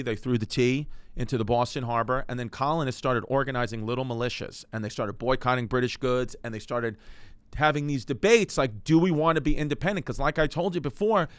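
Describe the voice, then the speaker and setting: A smooth, mid-range male voice, free of echo, carries this comedic history show. The host tells his story in a loose, joking, digressive way, talking directly to whoever's listening.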